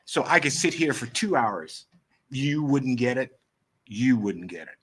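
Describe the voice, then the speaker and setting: A middle-aged man, a photographer guest on an interview podcast, telling his story in an animated way and acting out the dialogue. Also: medium pitch, a little slow, slightly rough. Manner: animated, acts out quoted dialogue.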